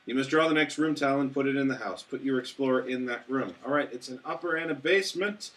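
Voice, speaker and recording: A man's voice: mid-range voice, a bit bright. A man playing a board game on a live show, reading card text aloud with a touch of theatrical flair. He sits at a fair distance from the mic, with a faint hiss behind his voice. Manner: quick, reads flavor text dramatically. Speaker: player and rules reader.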